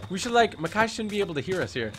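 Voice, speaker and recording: A man giving energetic, playful commentary while playing a horror game with friends, often repeating himself. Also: high voice, rapid-fire, noisy background. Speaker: gaming YouTuber. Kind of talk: excited gameplay commentary. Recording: game music behind.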